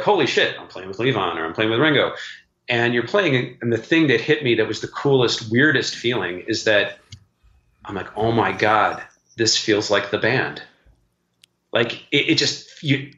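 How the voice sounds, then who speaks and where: A man's voice: lowish voice, pushed and bright, roomy sound, dull audio. A middle-aged man who plays guitar, telling stories with enthusiasm in a casual interview. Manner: enthusiastic storyteller, many fillers like "like". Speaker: session guitarist, guest.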